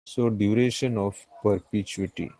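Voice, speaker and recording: A man's voice: lowish voice, fairly even intonation, moderate pace, gravelly, dark tone, dry recording, poor audio. A man with an Indian English accent teaching a finance class, repeating key phrases and often checking that the students follow. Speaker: finance tutor. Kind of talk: live classroom lecture.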